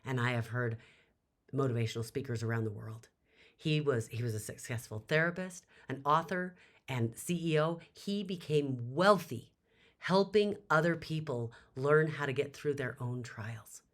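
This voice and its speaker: Very deep-voiced woman telling a motivational story. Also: normal speed. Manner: dramatic and emphatic, voice rising sharply at emotional peaks. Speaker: motivational speaker.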